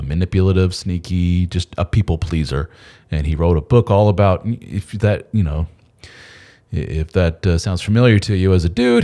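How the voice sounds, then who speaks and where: Low-voiced man rambling live. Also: warm tone. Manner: rambling, loose and candid, with mild swearing. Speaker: host of a men's support channel. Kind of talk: casual live-stream chat.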